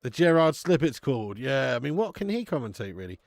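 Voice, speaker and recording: A man's voice: medium pitch, sing-song, fairly quick, gravelly, few pauses, darkish tone. A man hosting a live football watch-along, chatting casually, laughing often and swearing freely as he reads out viewers' messages. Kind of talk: casual live stream chat.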